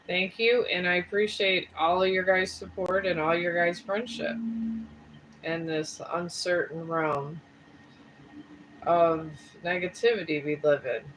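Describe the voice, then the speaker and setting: A woman's voice: on the low side, steady tone, a little slow, fairly bright tone, a little hiss or hum, low-quality recording. A woman chatting casually on a live stream, rambling and folksy, a bit tired with a sore throat. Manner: rambling and folksy, talks straight to viewers. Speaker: live streamer and tarot reader.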